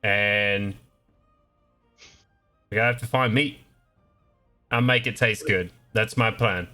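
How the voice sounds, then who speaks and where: Man putting on a giant gruff Australian cook, blunt haggler, bright forceful voice, faint battle music behind. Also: fairly low pitch, slow pace. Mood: haggling.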